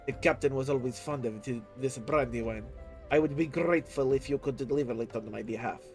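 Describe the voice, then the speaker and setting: A man's voice: mid-range voice, fairly quick, gravelly, a little mellow, soft background music, natural voice, rough recording. A man reading aloud the lines of a dignified older sea captain in a game, using formal, old-fashioned phrasing. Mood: earnest.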